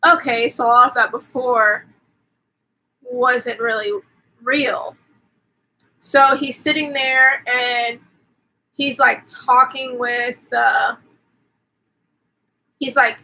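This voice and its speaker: Lady on a live stream recapping a movie, bright kinda high voice, says like constantly. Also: creaky, rough recording. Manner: rambling, fills every pause with "like", swears casually. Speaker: host. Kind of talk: casual movie recap on a livestream.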